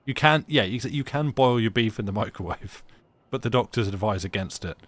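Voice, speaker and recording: A man's voice: lowish voice, animated, fairly quick, a bit bright. A young British man streaming a game, chatting sarcastically and reading game text aloud. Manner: sarcastic, rambling, laughs often.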